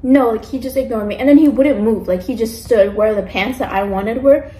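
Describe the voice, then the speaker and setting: A woman's voice: on the high side, fairly quick, mellow, echoey room, rough recording. A young woman vlogging casually while eating, ranting about pet peeves with lots of fillers. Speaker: mukbang vlogger.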